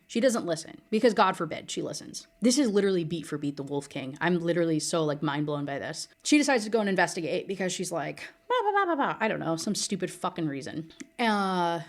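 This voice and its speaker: Chatty sarcastic woman recapping a book. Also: on the low side. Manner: chatty, filler-heavy, sarcastic. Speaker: book reviewer.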